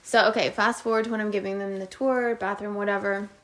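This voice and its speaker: A young woman co-hosting a casual podcast chat, telling a story with plenty of animation and a steady stream of "like"s. Her pitch sits right in the middle for a woman. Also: fast. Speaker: podcast co-host.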